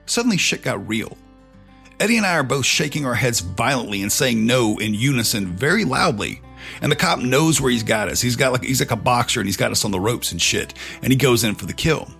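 Brief: man narrating casually with cursing, gravelly voice, faint music behind. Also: medium pitch, lively intonation, a little fast, a bit bright. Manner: swearing, conversational. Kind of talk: casual storytelling.

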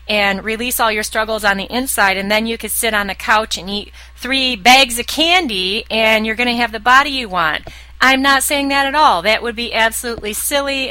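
A woman's voice: on the high side, pushed and bright, no room sound, low-quality recording. A woman weight loss coach talking alone on a podcast, earnest and direct, acting out the listener's inner voice. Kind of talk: solo podcast monologue.

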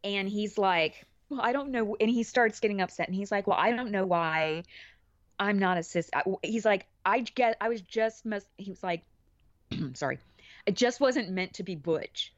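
A woman chatting as a podcast guest, animated, laughing often and restarting her sentences. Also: mid-range voice, normal speed, dry recording. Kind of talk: casual chat. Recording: dull dry lo-fi audio.

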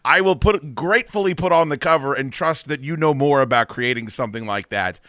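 A man's voice: a little high, brisk, sharp tone, no room sound, studio quality. A man hosting a podcast, chatting casually with a guest, swearing and laughing easily. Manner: swearing, laughing, self-deprecating. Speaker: podcast host. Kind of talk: casual interview chat.

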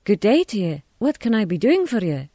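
A woman's voice: mid-range voice, big pitch swings, moderate pace, warm tone, no room sound, studio quality. A woman reading a composed young housekeeper. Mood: courteous. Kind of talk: storybook reading.

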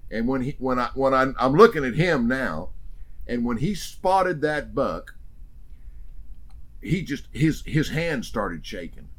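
A man's voice: mid-range voice, expressive, a little slow. A man telling a hunting story as a guest in an interview, emphatic and rambling with many restarts.

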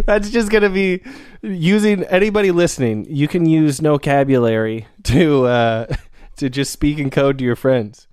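A man's voice: on the high side, a little slow, a little mellow, clear, resonant tone, dry recording, studio quality. A man with a Southern US accent co-hosting a casual comedy chat, laughing often and reading quotes aloud. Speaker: podcast co-host.

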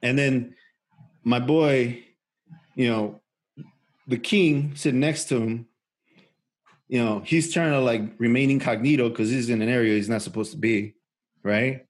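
Speaking a little slowly and pausing often, a man with a mid-range voice co-hosts a podcast. His casual story wanders, with plenty of swearing, fillers, and false starts.

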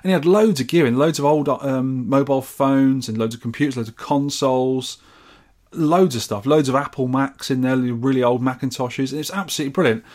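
A man's voice: mid-range voice, brisk, darkish tone. A man from the UK chatting casually and enthusiastically as a podcast host. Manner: chatty and enthusiastic, rambling with restarts. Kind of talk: casual chat.

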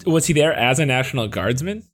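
A man co-hosting a podcast who chats casually and drops quick, wisecracking quips. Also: mid-range voice, lively intonation, a bit bright. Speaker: podcast co-host. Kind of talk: casual chat.

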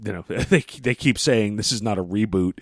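A man co-hosts a podcast from his living room on a mobile recording rig, chatting casually in a wry, rambling manner with the occasional swear word. His voice sits on the low side at a moderate pace, and the sound is clean, studio-like, with no echo.

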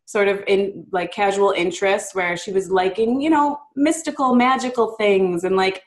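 At a normal speed and medium pitch, a woman chats upbeat about the children's book she wrote during a casual interview, sprinkling in plenty of "um" and "like." As the guest author, she puts on a child's voice when quoting.

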